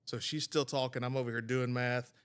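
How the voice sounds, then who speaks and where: A man's voice: medium pitch, level tone, fairly quick, fairly bright tone, slight background noise. A man, a podcast producer, talking earnestly in a casual studio conversation and telling a heartfelt story.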